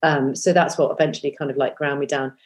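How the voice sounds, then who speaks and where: A woman's voice: rumbling low, steady tone, fast. A woman in her fifties, a former breakfast TV presenter, chatting as a podcast guest with lots of fillers and restarts. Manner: chatty, self-deprecating, many fillers and restarts. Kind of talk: casual interview chat.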